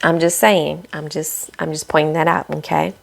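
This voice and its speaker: A woman's voice: low voice, level tone, normal speed, vocal fry. A woman recapping a reality show in a chatty, sassy way, with playful asides to her viewers.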